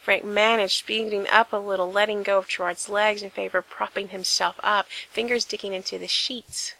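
Woman reading a story in a bright voice. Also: mid-range voice, steady tone, moderate pace, vocal fry, rough recording. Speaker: narrator. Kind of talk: reading fan fiction aloud.

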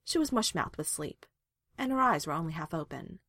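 A woman narrating a story aloud in a calm, even reading voice. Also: deep voice, normal speed, no echo, clean studio sound. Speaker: reader.

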